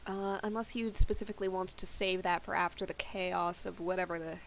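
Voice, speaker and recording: A woman's voice: on the low side, fairly even intonation, fairly quick, creaky, slight background noise, rough recording. A woman player organizing the party's plans in casual chat, thinking aloud as she goes. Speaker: tabletop game player. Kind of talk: casual out-of-game planning chat.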